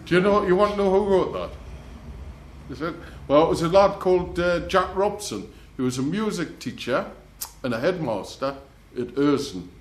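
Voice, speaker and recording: A man's voice: on the high side, animated, normal speed. A man with a Northumbrian accent, a folk club singer chatting between songs in a rambling, jokey, storytelling way. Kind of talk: chatty spoken song introduction. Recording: roomy archive club recording.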